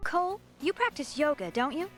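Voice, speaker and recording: A woman's voice: sits high, sing-song, brisk, fairly bright tone, faint music behind. A woman voicing a ditzy, cheerfully dim teenage girl in a video game, with a chirpy, sing-song delivery. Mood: airheaded.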